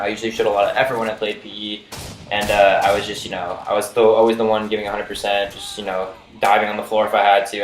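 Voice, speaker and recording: A young man casually telling a story from his school days, rambling with lots of "like" and "you know". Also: on the low side. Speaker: vlogger. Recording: roomy echo with faint noise.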